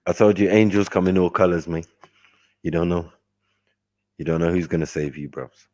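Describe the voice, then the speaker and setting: A man on a live panel chat, talking in a slow, preachy, philosophising way. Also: deep voice, a little mellow, dry recording. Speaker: panel member.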